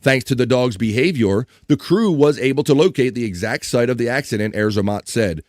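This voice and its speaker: A man hosts a laid-back live stream, cracking jokes as he reads out news articles and viewer comments. His voice sits at a mid pitch and the sound is dry and close, with no room echo. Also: expressive, moderate pace, hardly any pauses, darkish tone. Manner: joking, reads chat comments and articles aloud, laughs often. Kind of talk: casual joking chat and reading news aloud.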